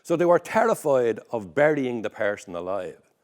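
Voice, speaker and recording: A man's voice: mid-range voice, big pitch swings, moderate pace. A man with a Dublin accent telling comic stories on stage in a wry, conversational way. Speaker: storyteller. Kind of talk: comic storytelling performance.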